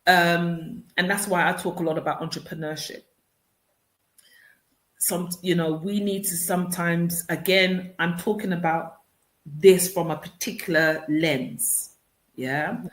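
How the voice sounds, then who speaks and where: A woman with a low, steady-toned voice talks at an unhurried pace in a radio interview, where she appears as an author and consultant. Earnest in her explanations, she tends to repeat words while restarting thoughts. There's a roomy echo.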